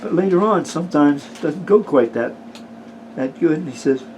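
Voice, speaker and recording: A man telling jokes in a folksy, unhurried way, pausing often with "uh". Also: on the high side, animated, a little mellow, slight background noise, poor audio. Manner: folksy, unhurried, with frequent "uh" pauses. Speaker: amateur joke teller. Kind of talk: casual joke telling.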